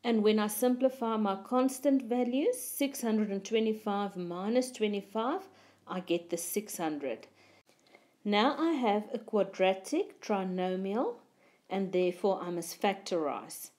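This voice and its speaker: A woman talks through a maths problem one step at a time, unhurried and patient. Her voice is mellow and dark-toned, and she lingers on each number as she works it out. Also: mid-range voice. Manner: slow, methodical explaining. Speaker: maths teacher. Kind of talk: step-by-step lesson voice-over.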